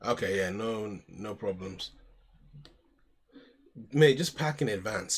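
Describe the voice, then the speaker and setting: A man's voice: fairly low pitch, animated, slow pace, long pauses, breathy edge. An American man streaming from home, chatting casually and talking his card game moves through aloud, calling people "mate". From United States. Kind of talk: casual live-stream chat and game commentary.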